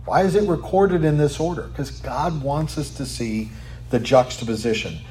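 A man delivering a sermon in a fairly high voice, lively and conversational. He keeps asking the listeners questions and tags his points with "right?". For emphasis he sometimes drops to a near whisper. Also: normal speed, slight background noise. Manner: animated, rhetorical questions, many "right?" asides, drops to quiet for emphasis. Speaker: pastor.

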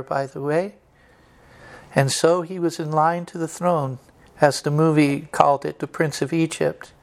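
Earnest preacher with steady middle pitch. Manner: earnest, building repeated emphatic lists; occasional stumbling restarts. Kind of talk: sermon.

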